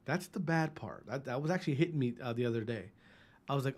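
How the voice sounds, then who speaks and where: A man's voice: mid-range voice, fast talker, darkish tone. A man in his thirties from Wisconsin, a gaming streamer chatting casually and profanely with his live chat, greeting viewers by name. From Wisconsin, US Midwest.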